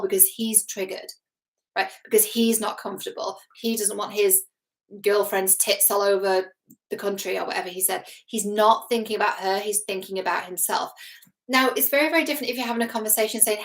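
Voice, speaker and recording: A woman's voice: medium pitch, steady tone, fairly quick, low-quality recording. A middle-aged woman, a relationship coach, giving chatty, earnest commentary to camera, acting out quotes and laughing at herself. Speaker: relationship coach reacting to a TV series.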